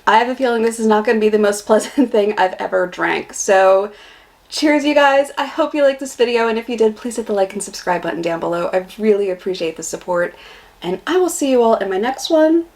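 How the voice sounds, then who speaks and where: A woman's voice: mid-range voice, expressive, fairly quick, a little mellow. A young American woman vlogging a casual beer taste test, chatty and blunt in her reactions. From United States.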